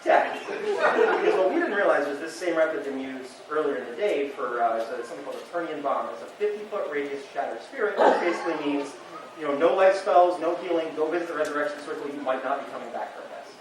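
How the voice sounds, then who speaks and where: Guy telling a larp story on a panel, lots of likes, sounds far off in a big echoey hall with a crowd. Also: quick pace. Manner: rambling and animated, many "like"s, squeaky acted quotes. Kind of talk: live storytelling on a convention panel. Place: convention panel room. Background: audience laughter.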